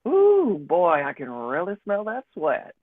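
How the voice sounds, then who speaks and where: A woman's voice: lowish voice, wildly swooping pitch, unhurried, no room sound, full character voice. A woman voicing a giddy, adoring wife who gushes and flirts. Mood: gushing. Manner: gushing and flirty. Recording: tinny phone-like line.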